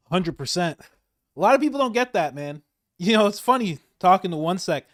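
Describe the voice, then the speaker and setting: Male commentator, animated and emphatic, slightly high voice, dry recording. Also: normal speed, long pauses, dry recording. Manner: animated, laughing, emphatic repetition. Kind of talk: casual political commentary.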